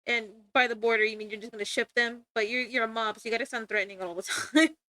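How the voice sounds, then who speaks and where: A woman's voice: fairly high pitch, fairly even intonation, fast, bright, forceful tone, dry recording. A young woman streamer chatting casually while drawing, rambling and giggling, with casual swearing.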